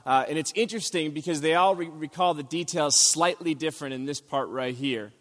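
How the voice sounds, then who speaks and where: A man's voice: on the high side, a little fast, a bit bright, in a large hall. Earnest male pastor preaching in a church. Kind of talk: sermon. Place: church sanctuary.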